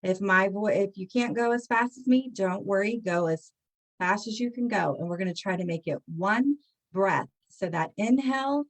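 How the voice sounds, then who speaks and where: A woman's voice: mid-range voice, normal speed. Breathwork instructor, woman; soothing, encouraging guided-breathing delivery with audible sighs.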